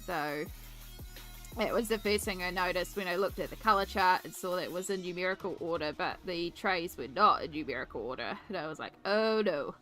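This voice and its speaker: A woman's voice: on the low side, brisk, bright, forceful tone, soft background music. A woman with a congested voice, chatting casually with her livestream viewers while she colours, giggling often and reading out chat names. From Australia.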